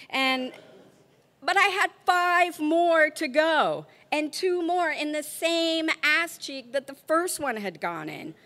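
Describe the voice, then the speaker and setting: A woman in middle age tells a comic story to a live crowd with a bright, slightly high voice. She acts out each person she quotes and keeps the tale moving with lively, animated delivery.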